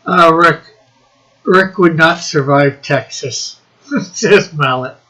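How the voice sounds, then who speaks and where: Man, casual live-stream chat, slow drawl, somewhat high voice. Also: bright, forceful tone, low-quality recording. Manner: reads out chat messages, drawling.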